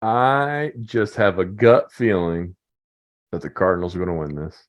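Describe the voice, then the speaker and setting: A man's voice: low-pitched, a little slow, highs cut off. A man co-hosting a casual sports chat. He muses aloud and often sounds unsure. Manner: laughing, unsure musing. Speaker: podcast co-host.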